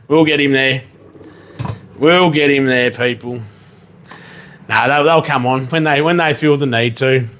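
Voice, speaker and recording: Rambling chef on a livestream. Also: male voice, medium pitch, unhurried, long pauses, slight background noise. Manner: rambling, swears casually, bursts into excited yelling. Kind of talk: casual livestream chat while cooking.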